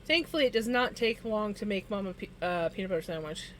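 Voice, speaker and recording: A woman's voice: medium pitch, expressive, fast, fairly bright tone, slight background noise. A woman streaming from home, chatting casually and laughing often between remarks. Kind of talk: casual chat while streaming.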